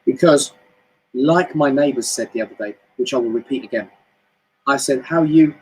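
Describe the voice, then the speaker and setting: A man with a British accent giving a chatty, animated motivational talk on a home live stream, often jumping up high in pitch. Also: normal speed, a little hiss or hum, low-quality recording. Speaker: motivational speaker. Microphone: home live stream mic.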